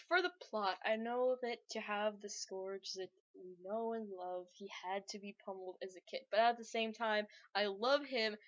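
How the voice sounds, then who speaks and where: Bright-voiced young woman ranting. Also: a little high, muffled recording. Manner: exasperated, animated, rambling with many fillers. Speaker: vlogger. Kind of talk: casual fan rant.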